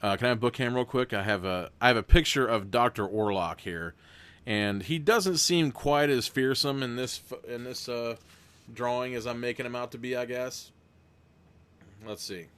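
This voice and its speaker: A man's voice: mid-range voice, moderate pace, a bit bright, smooth. A man hosting a live stream, reading an interactive adventure book aloud with rambling, self-deprecating asides. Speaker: game host reading a gamebook.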